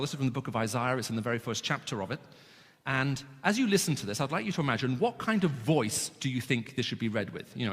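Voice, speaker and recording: A man's voice: medium pitch, slightly rough. A man delivers a sermon in a large hall, his mid-range voice trailing off into long reverb. He speaks earnestly and asks his listeners one rhetorical question after another. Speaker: preacher.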